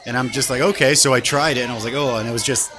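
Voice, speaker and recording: A man's voice: mid-range voice, rapid-fire. A man from Canada hosting a casual interview chat, telling stories and acting out quoted dialogue. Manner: animated storyteller, acts out quoted dialogue. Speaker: talk show host.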